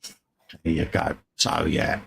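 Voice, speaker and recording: A man's voice: a little slow, a bit bright. A man hosting a casual livestream, chatty and matey as he reads out viewer messages. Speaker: livestream host reading chat.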